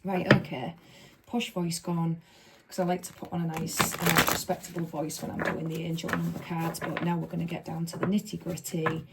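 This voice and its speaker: A woman's voice: on the low side, gravelly, very noisy. A woman giving a casual, chatty tarot reading to camera, talking informally and letting the odd swear word slip. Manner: chatty and informal, with a few stray swear words. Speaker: tarot reader.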